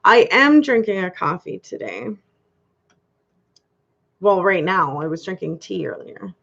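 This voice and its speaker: Giggly woman, lively pitch. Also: measured pace, creaky, husky, lo-fi sound. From Canada. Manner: giggly, chatty, laughs often. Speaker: live-stream host. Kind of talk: casual live-stream chat reading comments.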